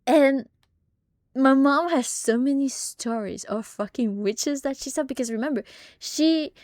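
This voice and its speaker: A young woman streamer telling family stories in casual, swear-heavy chat, animated and laughing often. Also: sits high, a little slow, no echo, studio quality. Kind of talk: casual storytelling on a live stream.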